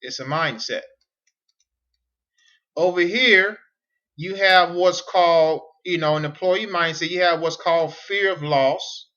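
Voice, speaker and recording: A man's voice: fairly high pitch, measured pace, long pauses, pushed and bright, muffled recording. Emphatic man teaching at a whiteboard. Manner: repetitive, emphatic, asks rhetorical questions. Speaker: online business coach.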